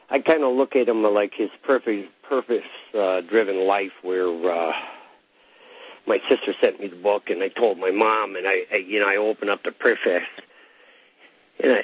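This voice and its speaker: A man's voice: fairly low pitch, husky, dry recording. A man calling in to a radio show, talking hesitantly and rambling with many fillers. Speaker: caller. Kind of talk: phone-in call. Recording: dull lo-fi call audio.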